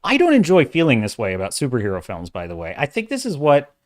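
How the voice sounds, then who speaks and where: Male commentary host, casual rant, exasperated and animated, uneven bursts of speech. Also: mid-range voice, quick pace. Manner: opinionated, exasperated, talks in bursts with restarts. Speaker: host of a sci-fi and fantasy commentary channel. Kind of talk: casual ranting commentary livestream.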